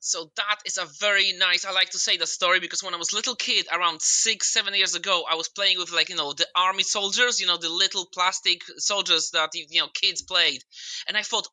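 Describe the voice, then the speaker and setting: Polish-accented young male guest, very bright tone, dry recording. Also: sits high, steady tone, a little fast, no echo, low-quality recording. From Poland. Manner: modest, chatty, non-native grammar. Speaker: podcast guest. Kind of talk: casual interview chat.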